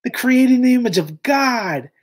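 Impassioned preachy commentary host. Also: male voice, very high-pitched, expressive, moderate pace. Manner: impassioned, preachy, addresses listeners as "y'all". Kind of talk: reaction commentary.

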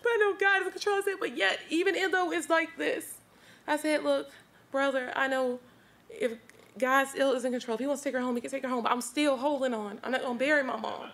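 High-voiced woman giving church testimony. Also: steady tone, fast, a bit bright. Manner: earnest and heartfelt, addressing the congregation directly.

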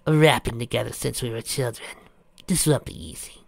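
A man voicing a cold, ambitious woman commander in a quiet, at times hushed voice. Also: mid-range voice, fairly quick, creaky, no echo.

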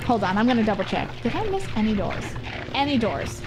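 A woman's voice: a little high, very animated, a little fast, noisy background. A woman streamer casually chatting through a horror game, talking to her viewers and swearing freely. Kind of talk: casual live gameplay commentary with swearing.

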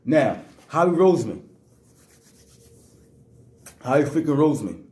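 A man's voice: fairly high pitch, big pitch swings, a little slow, dark tone, echoey room. Angry man ranting about football. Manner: angry, repetitive, slangy. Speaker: sports vlogger. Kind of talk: fired-up sports rant.

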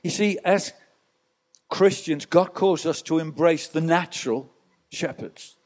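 Pastor guy preaching in church, bit high voice, chatty storytelling with asides. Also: measured pace, a little mellow. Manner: storytelling, rhetorical asides to the congregation. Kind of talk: sermon.

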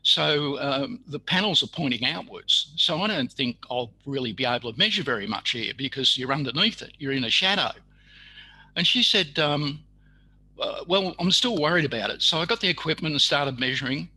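Older man, halting and bright. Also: fairly high pitch, expressive, slightly rough, no room sound, poor audio. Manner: halting, many fillers and restarts. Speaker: interviewee. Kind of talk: casual storytelling interview.

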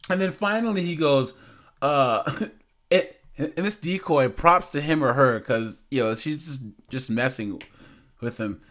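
Slow-talking young man, amused and incredulous. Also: medium pitch, a bit bright. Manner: amused, incredulous, laughs between lines. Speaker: commentary channel host. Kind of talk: casual reaction commentary.

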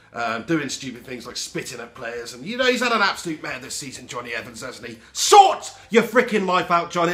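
A young man with a heavy head cold, answering fan questions in a lively, sweary vlog. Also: medium pitch. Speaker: football fan vlogger. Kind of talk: casual Q&A vlog.

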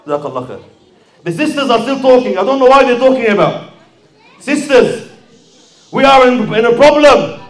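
A man's voice: extremely high pitch, big pitch swings, normal speed, pauses often. A man giving an impassioned fundraising sermon, calling out to the audience and acting out a story. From Sydney. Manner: impassioned, calls out to the crowd and acts out a story. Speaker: fundraising preacher.

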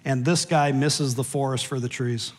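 An American man preaching a sermon as pastor in a church, animated, with sudden drops to a low, quiet voice for asides. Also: moderate pace. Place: church sanctuary.

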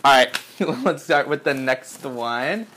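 An excitable young man in his twenties, talking through a casual unboxing vlog at home. His voice sits in a middle pitch, drops lower and quieter for asides, and shoots into high squeals when he's delighted. He swears freely. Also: slow, slight background noise. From United States. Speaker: YouTuber opening fan mail. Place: indoors at home, apartment.

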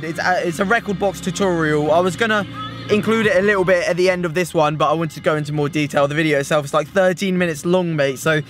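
A young British man with an English accent vlogging casually to camera, slangy and sweary, tagging "mate" onto his sentences. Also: on the high side. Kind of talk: casual vlog talk to camera. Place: at home, then by car and outdoors.

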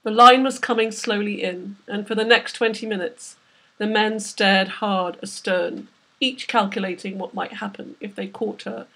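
Woman, husky voice, mid pitch, author reading her novel, dramatic storytelling. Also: fairly bright tone. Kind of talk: literary reading.

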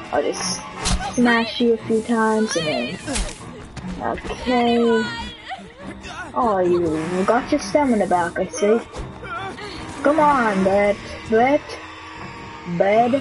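Woman streamer, unhurried and playful, joking with players over game music. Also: mid-range voice, poor audio. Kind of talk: live gameplay commentary.

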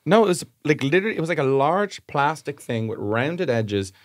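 A man's voice: a little high, big pitch swings, moderate pace, no echo, studio quality. A young Irish man, a podcast co-host, telling a rambling anecdote with laughs and acted-out voices. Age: young adult. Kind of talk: casual chat, storytelling.

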